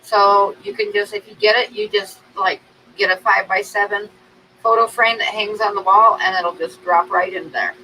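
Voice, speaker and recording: A woman's voice: medium pitch, fairly even intonation, moderate pace, bright, forceful tone, a little hiss or hum, low-quality recording. A woman artist chatting casually on a livestream, telling stories and laughing often as she runs an art auction.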